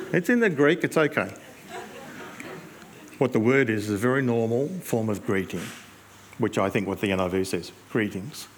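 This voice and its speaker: A male pastor, preaching in a conversational storytelling way with reflective pauses. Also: mid-range voice, a little hiss or hum. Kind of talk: sermon.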